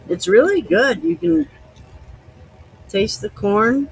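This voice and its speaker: Easygoing man, slow rambling talk. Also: very high voice, animated, vocal fry, slightly rough, rough recording. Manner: rambling, loose, easygoing storytelling. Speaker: podcast host. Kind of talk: casual chat while tasting liquor.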